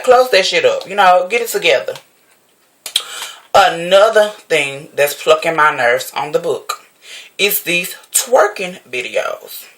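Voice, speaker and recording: A woman ranting casually to camera at home, profane and sassy, jumping up high in pitch when she exclaims. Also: a bit bright. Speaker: vlogger.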